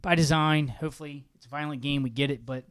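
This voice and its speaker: A man co-hosting a podcast, chatting casually about football in an excitable, rambling way, his pitch jumping when he gets worked up. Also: quick pace, smooth. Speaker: podcast co-host. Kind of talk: casual sports chat.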